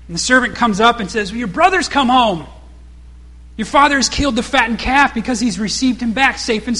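A man's voice: high voice, bright, forceful tone. A middle-aged man preaching a sermon, mixing rhetorical questions with casual asides. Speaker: pastor.

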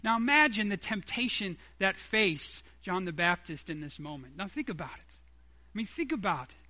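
A man's voice: sits high, sing-song, normal speed, bright, forceful tone. A man preaching a sermon, emphatic, acting out quoted dialogue from the story.

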